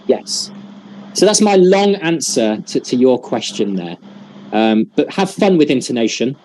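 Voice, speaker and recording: A man's voice: mid-range voice, sing-song, normal speed, darkish tone, a little hiss or hum. A man leading a teacher-training workshop over a video call, explaining patiently and demonstrating with examples.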